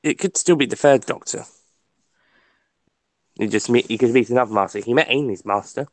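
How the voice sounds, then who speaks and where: A young man as a podcast guest in a casual chat, chatty and quick to reply. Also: mid-range voice, no room sound.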